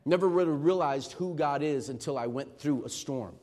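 Middle-aged male pastor, high voice, sermon delivery that shifts from shouting to hushed. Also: normal speed. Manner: emphatic, swings from shouting to hushed.

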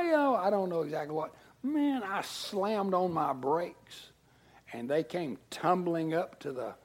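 Slow-talking preacher man, kinda husky, goes hushed then loud telling a story. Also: a little high. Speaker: pastor. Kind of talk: sermon.

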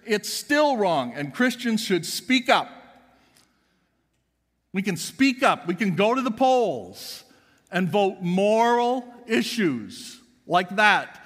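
A pastor delivering an emphatic sermon in a church, swinging between loud and hushed. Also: male voice, high voice, big pitch swings, takes it slowly, long reverb tail. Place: church sanctuary.

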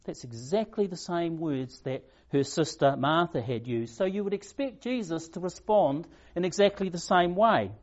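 A man preaching a sermon, retelling a story with slow, emphatic pauses and a gentle storytelling manner. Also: fairly high pitch, animated, dull audio.

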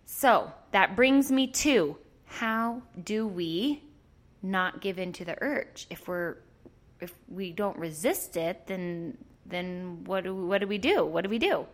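A woman coaching in a casual, chatty way, playful and quick to laugh as she explains. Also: mid-range voice. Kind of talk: casual teaching to camera.

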